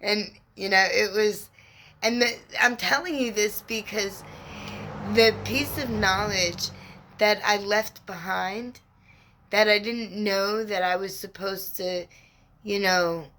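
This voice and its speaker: A woman who works as a spiritual mentor, telling a personal story to camera in an unhurried, reflective and encouraging way. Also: mid-range voice, fairly even intonation, a bit bright, a little hiss or hum.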